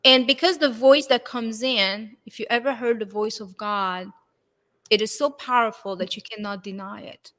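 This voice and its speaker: A woman, a guest telling her spiritual story in an expressive way and acting out the voices she quotes. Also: on the high side, normal speed. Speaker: interview guest. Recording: long hall reverb.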